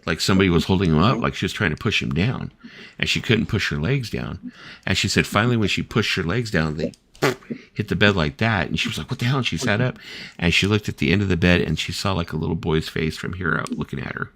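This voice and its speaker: Gravelly deep-voiced guy in his 50s, rambly late-night storyteller, dry close sound. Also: animated, fast, fairly bright tone, dry recording. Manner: rambling storyteller, filler-heavy, lots of "like" and "you know"; acts out quoted voices while telling stories. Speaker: host. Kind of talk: casual late-night chat.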